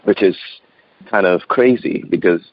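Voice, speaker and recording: Deep-voiced man in his thirties, earnest. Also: measured pace, no echo, lo-fi sound. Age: 30s. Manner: earnest, repeats words, laughs often. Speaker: interview guest. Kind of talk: phone interview, personal storytelling. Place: outdoors.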